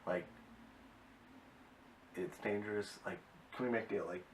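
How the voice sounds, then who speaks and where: A man voicing a small-time male crook who pleads and bargains quickly to stay out of prison, in a low, near-everyday voice. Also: steady tone, reverberant, natural voice. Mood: pleading. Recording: distant mic with faint hiss.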